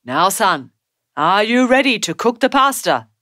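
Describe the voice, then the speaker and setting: A woman's voice: medium pitch, sing-song, unhurried, sharp tone, dry recording, studio quality, pitched above the performer's own voice. A woman voicing a cheerful, encouraging dad who is teaching his young son. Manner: encouraging, praising.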